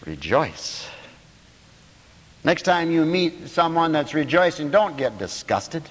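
A man preaching a lively sermon, breaking into laughter and playful asides. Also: normal speed, long reverb tail. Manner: animated, swooping pitch, laughing asides.

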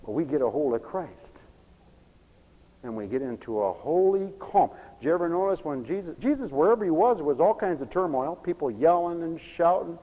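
Animated male preacher in an echoing hall. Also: on the high side, brisk. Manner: animated, swings from loud to hushed; laughs between lines, folksy phrasing. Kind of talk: lively sermon. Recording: long hall reverb.

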